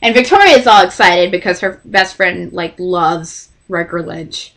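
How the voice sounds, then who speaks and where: A woman's voice: on the low side, unhurried. A young woman from Texas telling a story to camera in a casual vlog, acting out what others said. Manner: animated, acts out the voices of others in her story. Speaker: vlogger.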